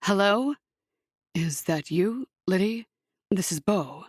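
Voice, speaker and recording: A woman voicing a tired young woman recovering from surgery, with weary, quiet replies. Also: medium pitch, expressive, slow pace, husky, no room sound, studio quality.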